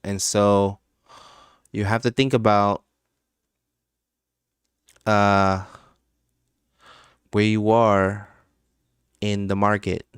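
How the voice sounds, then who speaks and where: A low-pitched man with a smooth, resonant voice chats loosely on a live stream, laughing often and swearing freely. He's recorded close and dry, with no room sound. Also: little pitch movement, very slow, long pauses, no echo. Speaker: crypto trading livestream host. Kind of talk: casual live-stream chat.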